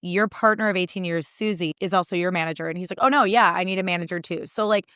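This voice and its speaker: A woman's voice: fairly low pitch, fairly even intonation, quick pace, a bit bright, clear, resonant tone, dry recording, clean studio sound. A young woman hosting a podcast, telling stories in a chatty, exasperated way with lots of "like" and acted-out quotes. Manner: chatty, exasperated, acts out quoted people in funny voices; heavy use of "like" as filler. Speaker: podcast host. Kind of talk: casual storytelling monologue.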